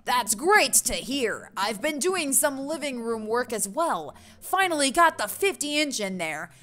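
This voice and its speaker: A woman's voice: high-pitched, very animated, measured pace, pushed and bright, pitched above the performer's own voice, heavily acted. A woman voicing a cheery, boastful male suburban dad who talks heartily. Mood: hearty.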